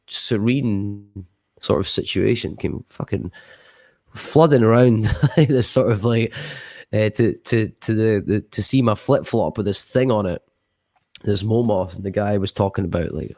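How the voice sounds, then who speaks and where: A man's voice: lowish voice, normal speed, darkish tone, no echo, studio quality. A man, a podcast guest, telling a rambling, sweary story with lots of restarts. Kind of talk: casual storytelling.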